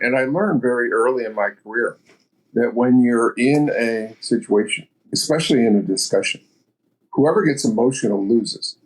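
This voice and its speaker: Older guy, 70s, husky, blunt no-nonsense business talk. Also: medium pitch. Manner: blunt, matter-of-fact storytelling. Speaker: guest entrepreneur. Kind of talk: podcast interview.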